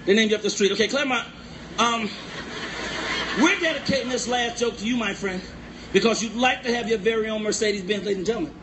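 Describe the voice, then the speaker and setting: A man doing a loud, playful stand-up comedy set and teasing the crowd. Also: high voice, quick pace. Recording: noisy live recording.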